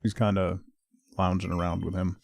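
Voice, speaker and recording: A man streaming a video game, chatting casually, excitable and laughing often, repeating words when things go wrong. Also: deep voice, moderate pace, gravelly, soft background music.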